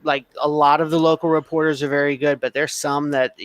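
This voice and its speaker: A man co-hosting a casual show, enthusiastic, with quick interjections. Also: on the high side, little pitch movement, crowd noise. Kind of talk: casual chat.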